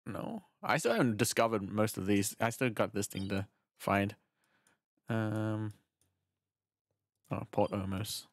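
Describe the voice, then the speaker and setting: A man streaming a game live, chatting casually as he plays, rambling, swearing freely and often clearing his throat. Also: on the low side, expressive, takes it slowly, long pauses, no room sound. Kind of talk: casual live gameplay commentary.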